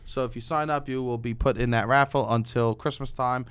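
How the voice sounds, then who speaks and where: A man's voice: mid-range voice, steady tone, a little fast, fairly bright tone, smooth. A man co-hosting a podcast in casual chat, joking and bantering playfully. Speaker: podcast co-host.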